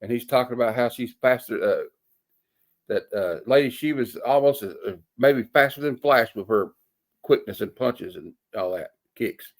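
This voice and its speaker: A man gives a casual comic book review, rambling and chatty, often pausing on fillers as he works out his thoughts. His medium-pitched voice sits in an ordinary middle range and is expressive, and he leans on folksy sayings.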